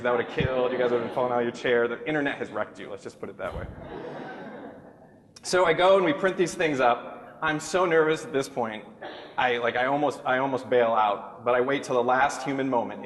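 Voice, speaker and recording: A man in his thirties telling a comic story to a crowd at a talk, animated and self-mocking, sometimes jumping into a high squeak to act out other people. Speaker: keynote speaker. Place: large hall. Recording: echoey hall with long reverb.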